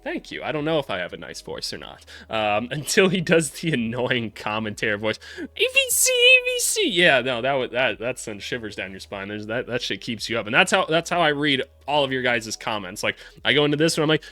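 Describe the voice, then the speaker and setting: Bright-voiced man riffing on basketball. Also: mid-range voice, lively intonation, fairly quick, hardly any pauses. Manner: loose, rambling, profane and joking. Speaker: basketball channel host, former college coach. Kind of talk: casual basketball commentary vlog.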